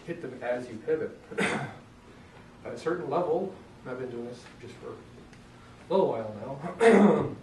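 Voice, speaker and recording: A man teaching a casual self-defense demonstration lesson in a relaxed, joking way, often clearing his throat. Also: medium pitch, unhurried, a little hiss or hum. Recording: roomy echo, mic far off, faint ambience.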